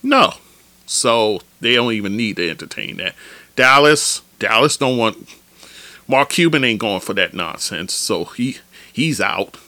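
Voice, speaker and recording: A man hosts his own basketball podcast, talking in a lively, slangy, opinionated rant. His fairly low voice has a bright, forceful edge. It sits close and dry on the mic. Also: a little slow, no room sound. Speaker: podcast host.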